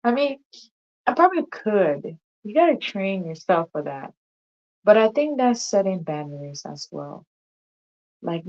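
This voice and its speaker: A woman hosts a casual talk show in a low, creaky, slightly mellow voice. She chats conversationally with listeners, asks rhetorical questions, and calls them y'all, all through dull lo-fi audio.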